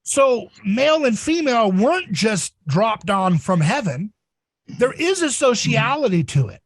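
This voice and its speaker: A man hosting a casual podcast discussion, talking in a rambling, animated way. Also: measured pace, no echo. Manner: rambling and animated, acts out voices in shrill squeals. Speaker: podcast host.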